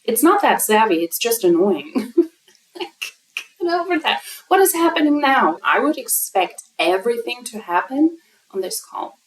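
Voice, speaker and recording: A woman's voice: a little high, big pitch swings, moderate pace. A German-speaking woman with a German accent, commenting on a recording in an exasperated, mocking way. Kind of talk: reaction commentary. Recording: roomy room sound.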